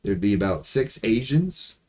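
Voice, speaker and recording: A man's voice: on the low side, measured pace, lo-fi sound. A man from Maryland, a streamer, ranting casually with lots of swearing and laughing asides. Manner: profane, animated, laughing asides. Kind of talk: casual livestream rant.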